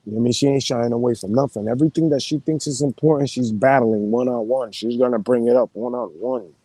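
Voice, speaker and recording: A man live streaming in relaxed, slangy casual chat, greeting his viewers as he talks. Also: medium pitch, quick pace, dry recording.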